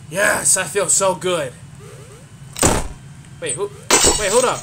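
A young man giving loud, profane commentary while playing a video game, yelling at enemies. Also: high-pitched, measured pace, pauses often. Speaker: gaming YouTuber. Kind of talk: gameplay commentary. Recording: loud background game noise.

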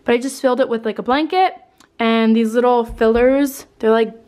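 A woman's voice: a little high, fairly even intonation, moderate pace, darkish tone. Breathless, gushing young woman vlogger. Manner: gushing, chatty, swears casually. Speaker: lifestyle vlogger. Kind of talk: casual home tour chat. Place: her decorated home, indoors.

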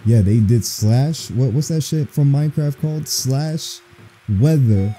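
A man's voice: mid-range voice, unhurried, dark tone, slightly rough, soft background music. A man playing a horror game on video, reacting with crude, profane jokes. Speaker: gaming video host. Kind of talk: let's play commentary.

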